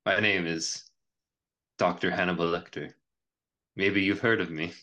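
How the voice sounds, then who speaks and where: A deranged, menacing doctor, put on by a man at the table drawls each word slowly and deliberately. His voice sits low and heavy, like a villain from a thriller, in an improvised tabletop game. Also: steady tone, sharp tone. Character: creepy male doctor posing as a famous killer. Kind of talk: improvised tabletop role-play.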